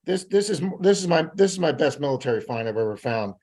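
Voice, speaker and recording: Brief: guest man from Florida, chatty animated storyteller, slightly high voice. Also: fast. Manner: rambling, animated anecdotes with acted-out quotes. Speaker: guest metal detectorist. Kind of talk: casual storytelling on a live podcast.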